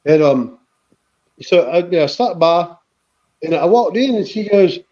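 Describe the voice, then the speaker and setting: A man's voice: high-pitched, expressive, unhurried, pauses often, warm tone, highs cut off. A man hosting a casual livestream, telling rambling family anecdotes and quoting people in his own voice. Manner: rambling anecdotes with acted quotes. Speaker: livestream host. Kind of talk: casual storytelling chat. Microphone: livestream call.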